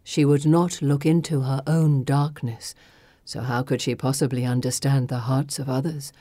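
A woman voicing a cold, steely sorceress in an audiobook, speaking low and measured. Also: fairly even intonation, warm tone, dry recording. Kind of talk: audiobook reading.

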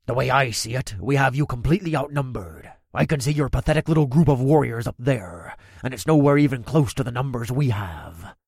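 A man voicing a smug, cunning male orc captain who speaks with calm, smirking menace in a storybook reading. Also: mid-range voice, a little fast, hardly any pauses, husky, no room sound, studio quality.

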